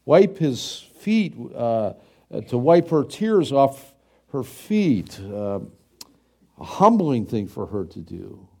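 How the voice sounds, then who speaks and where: A man's voice: medium pitch, very animated, takes it slowly, mellow, slightly rough. A middle-aged male pastor preaching a sermon in a conversational way, with frequent fillers and restarts.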